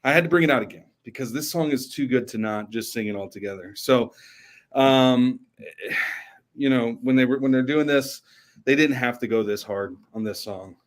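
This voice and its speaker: A man's voice: mid-range voice, moderate pace. A young man and girl dad chatting enthusiastically on a podcast, now and then breaking into bits of song. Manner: enthusiastic, sings snatches of songs. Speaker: podcast co-host. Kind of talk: casual podcast chat.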